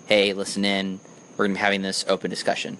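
Low-voiced man, dry teasing co-host. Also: completely flat delivery, fast, pushed and bright, slight background noise. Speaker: podcast co-host. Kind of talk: casual chat.

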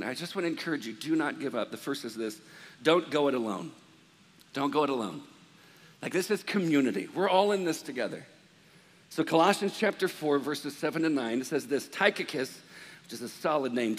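Animated pastor in a reverberant hall. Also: male voice, on the high side, fast talker. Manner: animated, jokey, acts out both sides of conversations. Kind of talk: sermon with comic storytelling. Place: large church hall with reverb.

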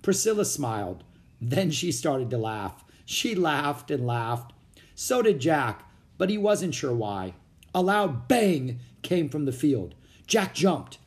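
A man reading a children's book aloud as narrator, with expressive storytelling. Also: mid-range voice, takes it slowly. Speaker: audiobook narrator.

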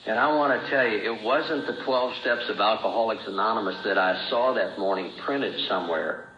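A man's voice: lowish voice, moderate pace, bright, forceful tone, a little hiss or hum. A man sharing his recovery story at a meeting, plain-spoken and acting out remembered dialogue. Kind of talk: personal testimony at a recovery meeting. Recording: roomy, dull old talk recording.

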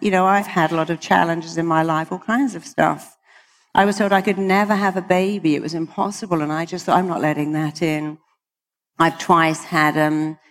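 In a large hall with an audience, a British hypnotherapist speaks in a fairly low-pitched voice. Her motivational talk is emphatic, and she acts out voices when quoting people.

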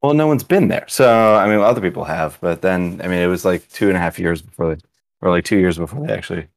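A man's voice: low-pitched, quick pace, vocal fry, no room sound, clean studio sound. A man co-hosting a casual podcast, joking and rambling with frequent restarts. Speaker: podcast co-host. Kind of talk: casual chat.

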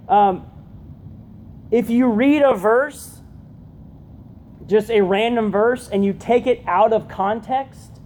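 A woman giving a conversational youth sermon, often checking in with her listeners with a quick "right?". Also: on the high side, dark tone, a little hiss or hum. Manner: chatty, keeps asking "right?". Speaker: youth pastor.

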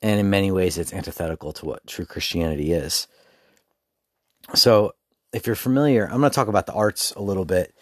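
A man's voice: deep voice, fairly quick, no room sound, clean studio sound. A man hosting his own podcast, talking candidly and informally in a casual solo monologue. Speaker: podcast host.

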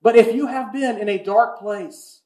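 A man preaching a sermon as pastor, swinging between hushed, intimate lines and loud, impassioned ones. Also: extremely high pitch, measured pace, roomy sound. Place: church sanctuary.

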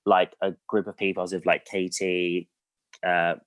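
Deep-voiced young man telling stories. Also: little pitch movement, moderate pace, a bit bright, no room sound. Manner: chatty storyteller, lots of fillers. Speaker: guest. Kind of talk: casual chat.

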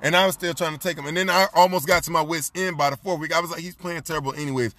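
A man telling a story in casual chat, animated and profane, laughing often and repeating lines for emphasis. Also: fairly high pitch, very fast, no room sound, soft background music.

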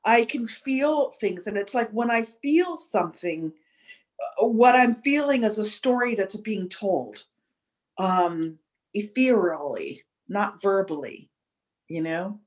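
A woman as a podcast guest, telling a personal story in a reflective way, often pausing to search for words. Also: medium pitch, animated.

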